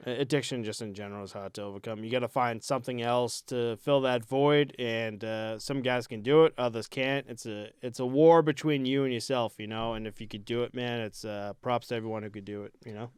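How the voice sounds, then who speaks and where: A man's voice: medium pitch, steady tone, fairly quick, hardly any pauses, clear, resonant tone, dry recording, studio quality. A man co-hosting a hockey podcast in casual chat, laid-back and profane, reading news items with small stumbles. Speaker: podcast co-host.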